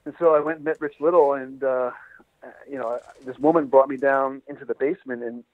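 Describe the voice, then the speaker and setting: A man's voice: medium pitch, steady tone, brisk, no room sound. A man, a doctor and interview guest, telling rambling stories with lots of "uh" and restarts over the phone. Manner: rambling storyteller with many fillers and restarts. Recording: tinny phone line.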